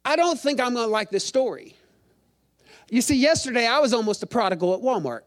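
Chatty high-voiced male preacher. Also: expressive, fairly quick. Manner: chatty, self-deprecating storytelling with crowd questions. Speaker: pastor. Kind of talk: sermon.

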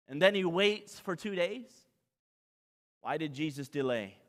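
A man's voice: high voice, expressive, takes it slowly, bright, forceful tone. A man preaching a dramatic sermon as pastor, asking the congregation rhetorical questions. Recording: long hall reverb.

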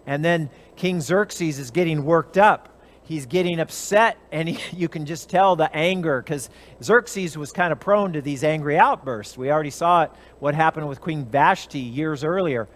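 A man's voice: a little high, normal speed, fairly bright tone. A man giving a conversational Bible teaching as a preacher, retelling the story with animation and briefly acting out the characters' lines.

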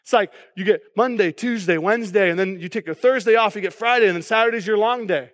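A man's voice: high-pitched, fast, a bit bright, long reverb tail. A man preaching a sermon as pastor, casual and joking, often checking in with the congregation with "okay?".

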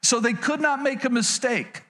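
A man with a notably high voice preaches to his congregation with real energy. He reads scripture, then slips into playful asides and calls out for an amen. The sound has the feel of a church service. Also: moderate pace, pushed and bright. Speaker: pastor. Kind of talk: sermon.

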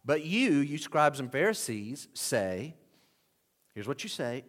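A man's voice: on the high side, animated, moderate pace, fairly bright tone. A man preaching an expository sermon, explaining a scripture passage verse by verse and voicing the people in it. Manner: emphatic, voices the people in the passage.

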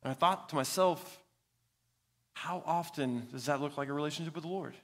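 A young male pastor preaches with an earnest, storytelling delivery. His voice is fairly high and bright, and it rings out with a long reverb through a church sanctuary. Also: normal speed. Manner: earnest, storytelling with a child's anecdote. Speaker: student pastor. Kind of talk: sermon. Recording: reverberant hall.

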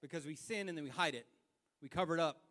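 A man preaching a sermon, impassioned and colloquial, repeating phrases as he builds to loud fervor. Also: on the high side, fast. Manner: colloquial, with slips and restarts.

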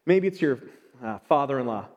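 A man giving a sermon in an animated way, often acting out short everyday exchanges. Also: medium pitch, a little fast, lo-fi sound. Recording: long reverb.

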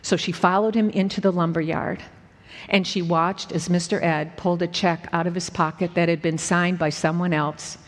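A woman preacher telling a story in a sermon, earnest and slowing down at dramatic moments. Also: lowish voice, fairly even intonation. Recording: echoey hall with long reverb.

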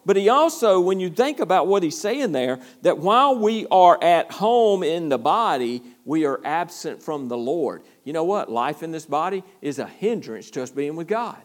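A man preaching a sermon as pastor, animated, repeating himself and restarting phrases for emphasis. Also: fairly high pitch, normal speed, few pauses.

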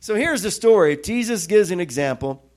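A middle-aged man preaching a sermon, telling stories with lively quoted voices. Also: on the high side, normal speed. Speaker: pastor.

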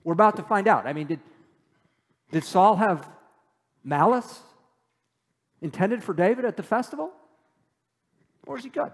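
A man's voice: high-pitched, lively intonation, normal speed, long pauses, big-room sound. A man preaching a sermon who reads scripture aloud and then explains it in a casual, conversational way. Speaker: pastor. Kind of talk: sermon, Bible teaching.

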